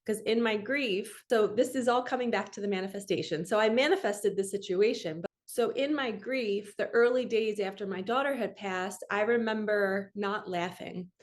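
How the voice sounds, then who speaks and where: A woman's voice: mid-range voice, moderate pace, hardly any pauses. A woman in her forties, a manifestation coach, telling a personal story in a candid, emotional, rambling way.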